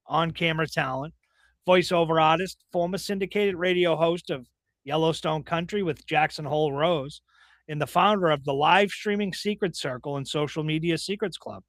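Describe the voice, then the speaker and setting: A man with a Boston accent hosts a podcast interview, his voice sitting a little high for a man. He talks in an upbeat, emphatic, punchy way. The sound is dry and close, with little room around it. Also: a bit bright, dry recording. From Dorchester, Massachusetts. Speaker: podcast host.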